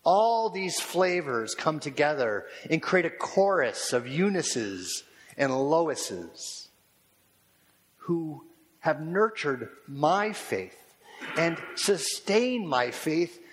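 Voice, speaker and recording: Unhurried male pastor in an echoing hall. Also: a little high, very animated. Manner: slow, measured, reflective, repeated rhetorical questions. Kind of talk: sermon. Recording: long reverb of a large hall.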